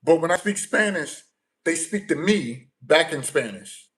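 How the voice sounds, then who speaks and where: American man, fairly high voice, livestream host, loose animated storytelling. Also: measured pace, rough recording. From United States. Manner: animated storytelling, shifts often from low mumbles to loud bursts. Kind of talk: casual livestream chat.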